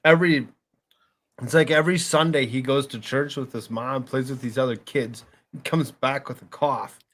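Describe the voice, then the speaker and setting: A man chats on a stream in a halting way, stammering and restarting his words. His voice sits at a middle pitch. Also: fairly even intonation, a bit bright. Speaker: stream guest. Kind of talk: casual chat.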